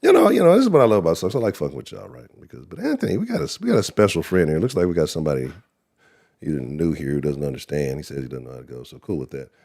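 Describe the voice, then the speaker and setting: Rambling, profane Texan sports host. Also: male voice, low voice, huge pitch swings, rapid-fire, vocal fry, mellow. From Texas. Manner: profane, rambling, laughs often, talks to chat. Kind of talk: casual live-stream sports talk.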